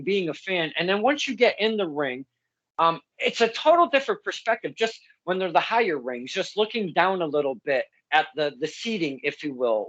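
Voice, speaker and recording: Casting: man host, slightly high voice, rambling storyteller who stammers, dull lo-fi audio. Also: a bit bright. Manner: rambling, stammers and restarts, laughs while telling stories. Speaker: podcast host and local wrestling ring announcer. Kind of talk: casual interview chat.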